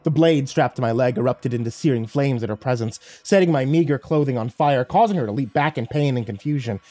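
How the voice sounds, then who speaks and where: A man's voice: mid-range voice, fairly quick, mellow, no echo, faint music behind. A man narrating a first-person horror story in a dramatic, scripted telling.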